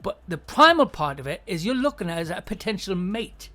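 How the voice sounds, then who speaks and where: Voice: mid-range voice, sing-song, fairly quick, pushed and bright. An advice-show host in a casual monologue, talking bluntly with plenty of swearing and acting out sample lines of dialogue.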